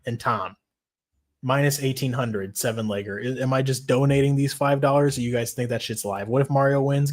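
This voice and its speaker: Foul-mouthed excitable male streamer. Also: medium pitch. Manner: profane, excitable, reads chat aloud. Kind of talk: casual livestream chat.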